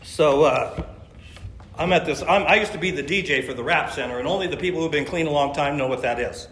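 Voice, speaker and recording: A man's voice: on the high side, a little fast, fairly bright tone, slight background noise. A middle-aged man from California telling his recovery story at a meeting, in a casual, slangy way, acting out quoted lines. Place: meeting room. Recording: echoey meeting room, faint ambience.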